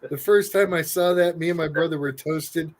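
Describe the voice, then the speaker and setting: Easygoing male stream host, tired, higher-pitched, chuckling through casual chat. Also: normal speed. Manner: laid-back, laughs often. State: tired, yawning. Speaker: livestream host.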